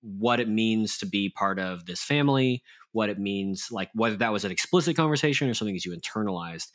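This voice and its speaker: A man's voice: fairly low pitch, animated, brisk, a bit bright. A man co-hosting a podcast, talking in a reflective, casual way with playful asides. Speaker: podcast co-host.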